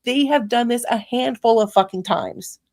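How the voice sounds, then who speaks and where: A woman's voice: fairly high pitch, moderate pace, a little mellow. A young adult woman hosting a livestream, ranting angrily and profanely at her chat. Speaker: livestream host. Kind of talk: angry livestream rant.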